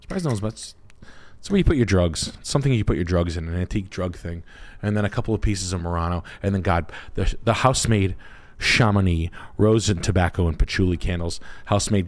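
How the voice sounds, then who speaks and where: A man's voice: low-pitched, fairly quick. Brash, profane man hosting a stream. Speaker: realtor and livestream host. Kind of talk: crude casual stream chat.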